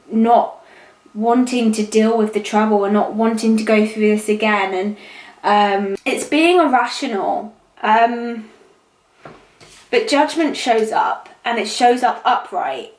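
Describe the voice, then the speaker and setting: A woman giving a casual psychic tarot reading, rambling and emotional, repeating herself as she talks. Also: a little high. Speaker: tarot reader. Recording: echoey room.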